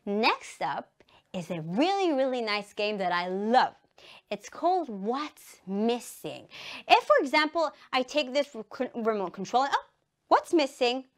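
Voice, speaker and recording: A woman's voice: fairly high pitch, measured pace. A woman with an Israeli accent teaching English to young children on television, singing letters and having them repeat sentences. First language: Hebrew. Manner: animated, sings letters and has children repeat. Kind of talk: televised primary-school English lesson.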